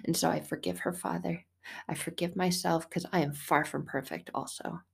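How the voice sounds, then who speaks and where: A middle-aged woman hosting a casual faith podcast, chatty and animated, laughing now and then, swearing at times and acting out little quotes. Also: on the low side, moderate pace, gravelly, slightly rough. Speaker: podcast host.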